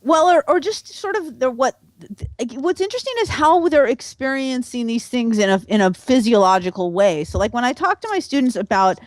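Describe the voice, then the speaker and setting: A woman with a fairly high voice that swings widely in pitch, speaking as a guest academic. She talks in an animated, loose way, full of fillers and restarts. The sound is dry and close. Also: fairly quick, no echo. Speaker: guest sociologist. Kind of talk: casual interview talk.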